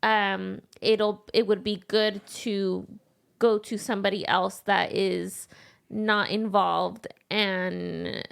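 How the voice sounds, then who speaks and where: A woman hosting a podcast, talking in long energetic run-on thoughts with plenty of fillers. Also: mid-range voice, slow pace, vocal fry, smooth. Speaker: podcast host. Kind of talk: casual conversation.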